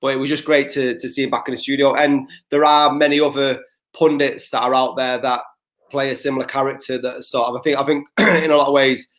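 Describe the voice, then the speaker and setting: A man's voice: medium pitch, level tone, fairly quick, fairly bright tone. A young man, co-hosting a podcast and telling rambling, sweary stories full of restarts. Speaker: podcast co-host. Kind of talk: casual chat.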